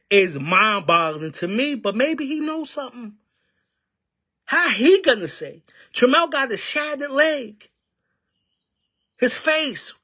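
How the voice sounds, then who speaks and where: A man's voice: very high-pitched, bright, forceful tone. A man giving fiery, preacher-like union commentary packed with rhetorical questions. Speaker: union member and activist. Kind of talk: impassioned political commentary.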